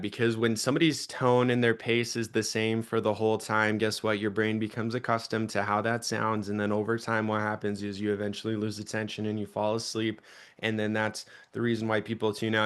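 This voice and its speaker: A young man coaching a sales team in an energetic teaching talk, shifting his pace and volume to stress points. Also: fairly low pitch. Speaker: sales trainer.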